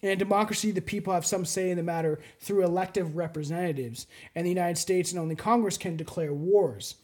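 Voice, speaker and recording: A Canadian man hosting a podcast, talking in a rambling, animated way and swearing casually. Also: high-pitched, fast.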